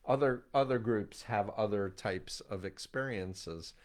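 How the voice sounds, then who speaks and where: An older man hosting a conversational interview, talking about his work and telling stories in an animated way. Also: lowish voice, unhurried. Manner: animated storytelling, acts out quoted voices. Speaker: host, cult expert.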